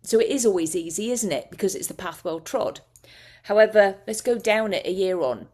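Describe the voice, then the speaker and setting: A woman hypnotist talks a class through her methods in a loose, emotive way, often restarting her sentences. Her voice sits at a middle pitch. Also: animated, a little fast, a little mellow. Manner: chatty, emotive, talking with restarts. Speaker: hypnotist teaching a masterclass. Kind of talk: casual spoken teaching.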